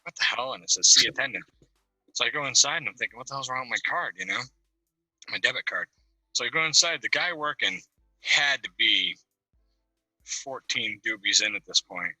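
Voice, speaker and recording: Bright-voiced man telling a rambling story. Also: mid-range voice, normal speed, long pauses, husky, no echo, faint music behind, poor audio. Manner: animated, profane, laughs while telling stories. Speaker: caller on a video call-in panel. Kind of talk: casual storytelling. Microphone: video call.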